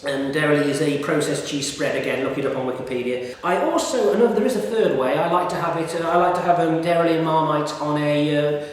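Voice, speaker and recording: A man's voice: a little high, fast. Chatty man, echoey room. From United Kingdom. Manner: rambling, chatty, many fillers and restarts. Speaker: food reviewer. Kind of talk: casual vlog talk. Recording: echoey room with long reverb.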